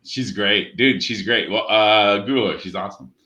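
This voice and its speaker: A man's voice: on the low side, normal speed, pushed and bright. A man hosting a comedy show over a video call, chatting loosely, laughing and swearing casually.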